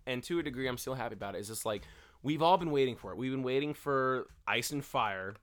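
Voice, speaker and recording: A young man in a relaxed podcast chat, venting with energy and plenty of swearing. He often drops into little mocking impressions of characters. His pitch moves around a lot as he gets worked up. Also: quick pace. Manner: animated, profane, quotes characters in mocking voices. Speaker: podcast co-host. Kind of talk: casual chat.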